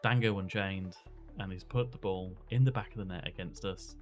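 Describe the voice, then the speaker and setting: A young man with a slightly low voice narrates his football management game like a match commentator. He gets excited as chances come and goes, then slows down to think through substitutions and tactics. Faint music plays quietly behind him. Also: dull audio. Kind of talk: gameplay commentary.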